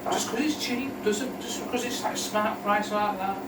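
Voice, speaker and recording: A man's voice: sits high, moderate pace, noisy background. A young man cooking with a friend at home, chatting crudely and joking, heard in an echoey kitchen from some distance. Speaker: co-host. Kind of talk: casual chat while cooking.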